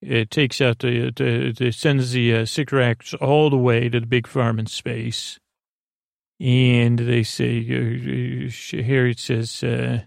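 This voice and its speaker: A man hosting a sleep podcast, recapping an episode in a meandering, halting way full of fillers and restarts. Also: mid-range voice, level tone, gravelly, no room sound, studio quality. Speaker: podcast host.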